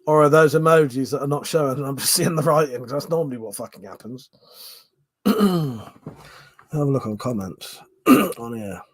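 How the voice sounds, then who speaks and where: A man's voice: mid-range voice, animated, moderate pace, long pauses. A man hosting a casual live stream, reading out viewer comments in a rambling, sweary, jokey way, yawning and short of breath.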